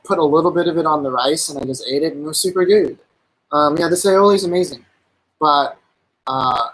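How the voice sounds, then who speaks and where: A man's voice: a little high, a bit bright, poor audio. A man casually chatting on a live stream while cooking, rambling with lots of fillers and enthusiastic about the food.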